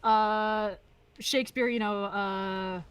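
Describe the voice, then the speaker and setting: A woman co-hosting a casual chat while playing a video game, opinionated and quick to laugh, with a loose, swearing manner. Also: medium pitch, steady tone, smooth. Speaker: co-host.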